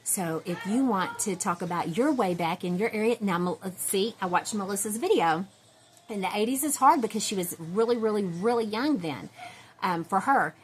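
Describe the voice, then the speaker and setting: A woman's voice: medium pitch, lively intonation, normal speed, breathy edge. A woman, chatting casually to her viewers at home in a rambling way, full of fillers and restarts. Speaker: vlogger.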